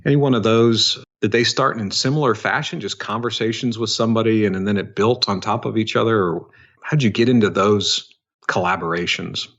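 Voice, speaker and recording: A man with a fairly low voice asks long, curious questions as he guest-hosts a podcast. His audio sounds muffled and lo-fi. He talks in an easy, conversational way. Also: a little fast, fairly bright tone. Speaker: guest host interviewer. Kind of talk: casual interview questions. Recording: dull lo-fi audio.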